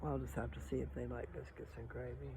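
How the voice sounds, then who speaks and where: An older man in a casual vlog, chatting slowly about his plans while sitting outdoors, with a gravelly voice. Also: mid-range voice, level tone, warm tone, a little hiss or hum, rough recording. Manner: sings old songs slowly, then chats about breakfast. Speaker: vlogger. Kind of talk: casual monologue with singing. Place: outdoors sitting on a metal chair.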